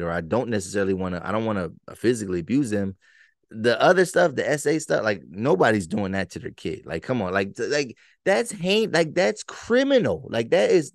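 A man's voice: lowish voice, dry recording, clean studio sound. A man hosting a podcast in casual solo commentary, emphatic and choppy, often repeating words as he gets worked up. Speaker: podcast host.

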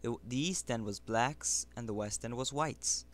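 A man's voice: medium pitch, moderate pace, hardly any pauses, fairly bright tone. A man reading a children's novel aloud in an amateur audiobook, with plain, earnest storytelling. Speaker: reader.

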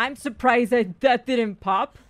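A young woman streamer giving casual, excitable commentary on her own gameplay, chatty and repeating herself as she talks to her teammates. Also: on the high side, unhurried. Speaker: gaming streamer.

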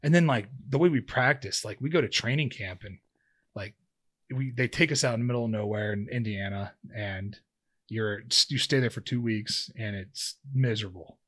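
A man's voice: on the low side, moderate pace. A man in his thirties, a former pro football player and podcast guest, tells a long story in a loose, rambling way, full of fillers and restarts. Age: 30s. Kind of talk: casual storytelling in an interview.

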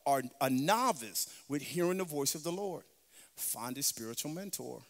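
A man preaching a sermon as pastor, moving between chanted, shouted passages and quiet, close teaching. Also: a little high. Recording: long reverb of a large hall.

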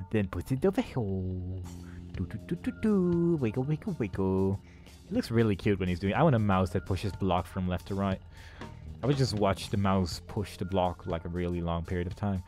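A man narrating his playthrough of a video game with dry sarcasm, often breaking into hummed tunes and silly made-up songs. His voice swings widely up and down in pitch. Faint game music plays behind him. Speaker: game commentator. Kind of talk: let's play commentary.

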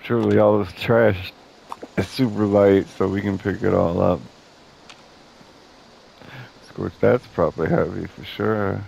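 A man's voice: lowish voice, fairly even intonation, a little slow, creaky, long pauses, a little mellow, slight background noise, rough recording. A young man casually commenting on his video game play, joking and swearing. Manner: joking, sarcastic, swears often. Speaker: gameplay streamer.

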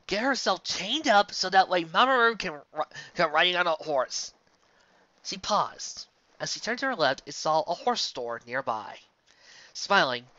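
A fanfiction reader from the Southern United States reads a story aloud, breaking in with sarcastic, exasperated asides and jumping between reading and ranting. The voice is mid-range, pushed, and bright, with no room sound and lo-fi audio.

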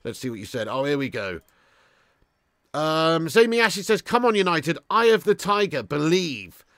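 A man hosting a live football watch-along, swearing freely, swinging between shouts and low mutters, and reading out viewer messages. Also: big pitch swings, moderate pace, dry recording, clean studio sound.

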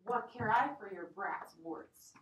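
A selfish young wizard barks and shouts with harsh impatience, as a woman reads him aloud. The voice comes from across an echoey room. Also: medium pitch, normal speed, far from the mic, a little hiss or hum, lightly acted. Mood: angry.

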